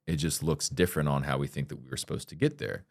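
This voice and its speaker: Low-voiced fast-talking blunt man. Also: fairly even intonation, vocal fry, dry recording, clean studio sound. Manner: blunt and candid, swears freely; earnest, emphatic. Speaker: podcast guest. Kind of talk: casual interview talk.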